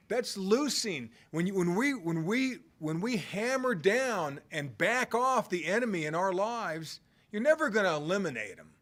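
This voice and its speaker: Earnest man preaching, pitch a bit high. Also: very animated, measured pace, fairly bright tone. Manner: earnest, building to emphatic bursts, quoting scripture. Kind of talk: sermon.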